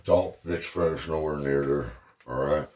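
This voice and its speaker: A man's voice: extremely low pitch, normal speed, a little mellow. A middle-aged man telling a casual story at home while working on a dryer, profane and rambling, laughing often. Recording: roomy sound from a distance.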